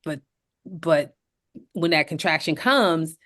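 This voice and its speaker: A middle-aged woman co-hosting a podcast, telling a personal story in casual chat and acting out the voices she quotes. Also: slow. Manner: animated, acts out quoted voices with big pitch jumps. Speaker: podcast co-host.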